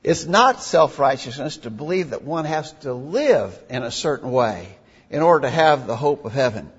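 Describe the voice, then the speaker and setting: A man's voice: mid-range voice, lively intonation, moderate pace, husky. A man preaching a sermon in an earnest, emphatic way, reading scripture aloud. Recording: dull lo-fi recording in a reverberant hall.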